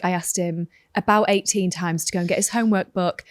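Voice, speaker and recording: A woman co-hosting a podcast, chatting casually and retelling stories with animated energy. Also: on the low side, normal speed, no echo, clean studio sound. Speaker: podcast co-host. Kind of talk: casual chat.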